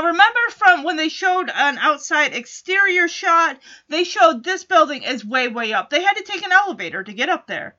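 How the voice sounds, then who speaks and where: A woman's voice: high voice, sharp tone, muffled recording. A woman recapping an old TV show in casual chat, talking in a chatty, wry way.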